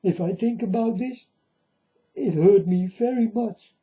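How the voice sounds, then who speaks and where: A man giving an earnest, halting religious monologue to camera in non-native phrasing. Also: high-pitched, dark tone, muffled recording. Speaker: religious video maker.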